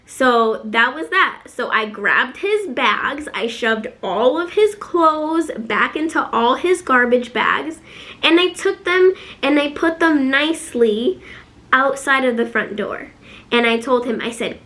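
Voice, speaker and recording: A woman's voice: high voice, animated, slow pace, pushed and bright. A young woman from Chicago with a Chicago accent, telling a personal storytime vlog. She talks emotionally, fills her speech with "like" and acts out the other people's quotes. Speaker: vlogger.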